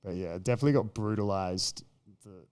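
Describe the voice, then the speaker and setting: Man, Australian accent, low-pitched, animated storyteller, casual podcast chat. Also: brisk, clear, resonant tone. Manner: animated storytelling, acts out quotes. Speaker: podcast guest.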